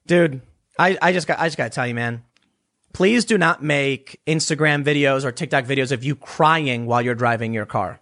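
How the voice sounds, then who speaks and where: A man's voice: on the high side, fairly quick, bright, forceful tone. A man ranting as a political commentator, sarcastic, dismissive and blunt. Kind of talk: casual opinion rant.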